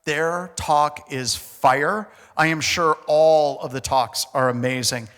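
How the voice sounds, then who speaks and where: A middle-aged American man telling a comic story on a conference stage, casual and animated, with slang and mild swearing. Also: fairly high pitch, slow. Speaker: conference speaker. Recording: reverberant conference hall.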